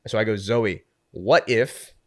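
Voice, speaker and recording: A man with a fairly low voice tells a story on a podcast, casual and lively, with constant "like"s and little acted-out quotes. The recording is close and dry, with no room sound around him. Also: slow pace, no room sound. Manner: animated storyteller, heavy use of "like", acts out quotes. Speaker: podcast guest, community co-founder.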